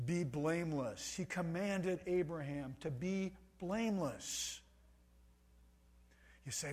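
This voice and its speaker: A man preaching a sermon, stressing key words by swinging between soft and loud. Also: on the high side, slow pace.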